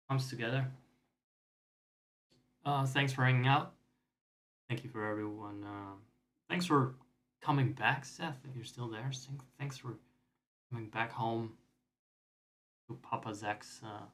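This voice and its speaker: A man streaming a video game, chatting casually in a rambling, joking way, with swearing, often trailing off softly. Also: mid-range voice. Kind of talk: casual gameplay commentary.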